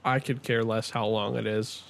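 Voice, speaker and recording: Male co-host, gravelly voice, hesitant and rambling, jokey. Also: lowish voice, little pitch movement, moderate pace. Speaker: podcast co-host. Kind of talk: casual chat.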